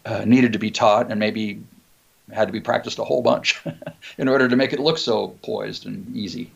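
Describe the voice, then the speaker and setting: Gravelly-voiced thoughtful man. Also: lowish voice, steady tone, moderate pace. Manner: thoughtful, discursive with hesitations. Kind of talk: scholarly discussion. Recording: dull lo-fi sound.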